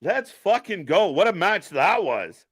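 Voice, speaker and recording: A man co-hosting a live wrestling reaction stream, excited, laughing often and shouting out moves. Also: high-pitched, unhurried, husky, no echo. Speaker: wrestling co-host.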